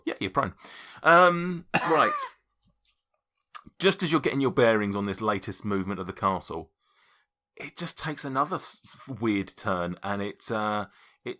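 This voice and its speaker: Bright-voiced man running a tabletop game. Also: fairly low pitch. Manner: chatty, laughing often, casual swearing. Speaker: game master.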